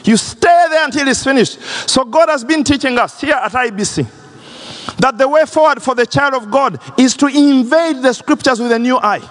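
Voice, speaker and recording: A man preaching a sermon as pastor, impassioned and swinging between high and low registers. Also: normal speed, fairly bright tone. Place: large church hall. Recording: long church reverb.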